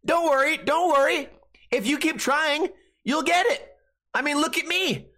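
A smug, patronizing pool player, put on by a man in a high, sing-song voice that talks down sweetly. The tone lifts way up and stays syrupy and condescending throughout. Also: a little slow, bright, forceful tone, full character voice.

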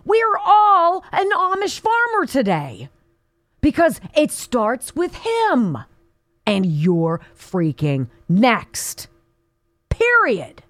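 A woman's voice: high-pitched, huge pitch swings, extremely slow, fairly bright tone, no echo. A woman hosting a talk radio show, talking in a fiery, indignant, sarcastic way as she reads listener notes and news. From Pennsylvania, US. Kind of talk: political talk radio monologue.

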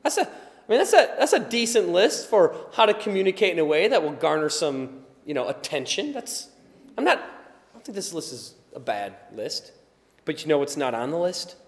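A male preacher giving a conversational sermon, sometimes quiet and chatty, sometimes loud and emphatic, and he laughs often. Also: a little high, normal speed, in a large hall. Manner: animated, swings from quiet asides to loud emphatic shouts.

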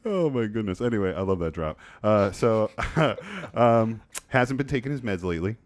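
A man's voice: lowish voice, normal speed, soft background music. A man in his thirties casually telling a story on a podcast, swearing freely and acting out the people in it. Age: 30s. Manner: animated storyteller, swears often, acts out shouting in his stories. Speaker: podcast co-host. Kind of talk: casual chat.

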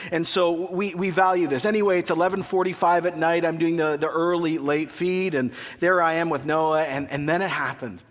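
A man in his thirties preaching a sermon as a pastor, telling a family story with animated, self-mocking humor. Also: a little high. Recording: long hall reverb.

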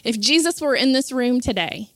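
Impassioned high-voiced woman preacher. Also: lively intonation, normal speed, dry recording. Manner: impassioned, rising to fervent cries. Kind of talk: sermon.

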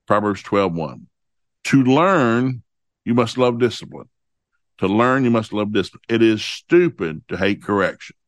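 A man teaching from the Bible in a homespun way, repeating each verse reference and reading scripture slowly. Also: fairly low pitch, dry recording, clean studio sound. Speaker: preacher.

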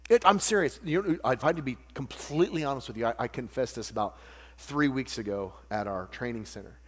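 A man preaching a sermon, animated and jokey, acting out little voices as he teaches. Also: mid-range voice, fairly quick. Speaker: pastor. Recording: long hall reverb with mains hum.

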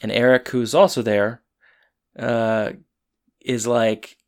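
A man's voice: mid-range voice, level tone, slow, pauses often, darkish tone. A man co-hosting a casual chat, retelling a TV episode in a loose, rambling way with fillers. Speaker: podcast co-host.

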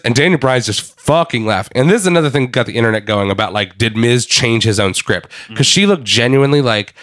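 A young man co-hosting a casual podcast, recapping wrestling in an animated way, swearing freely and acting out what people said. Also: medium pitch, fairly quick, dry recording, clean studio sound. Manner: animated, swears a lot, acts out quotes. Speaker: podcast co-host.

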